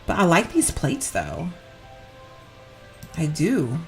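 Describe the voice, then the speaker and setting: Chatty woman with a lively voice. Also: low-pitched, slow, gravelly, faint music behind. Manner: chatty, rambling, self-correcting, giggly. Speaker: Sims gameplay YouTuber. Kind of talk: casual gameplay commentary.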